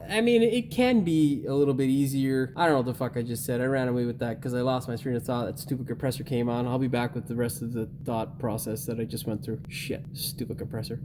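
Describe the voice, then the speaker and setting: A man's voice: on the high side, a little hiss or hum. Swearing, grumbling mechanic man. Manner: profane, grumbling and joking to himself while working. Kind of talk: casual workshop vlog. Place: workshop with an air compressor.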